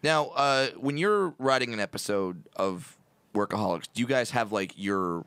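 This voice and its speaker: A man's voice: fairly low pitch, expressive, normal speed, a bit bright, clear, resonant tone, no echo. Chatty male podcast host, dry sound. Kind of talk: casual podcast chat.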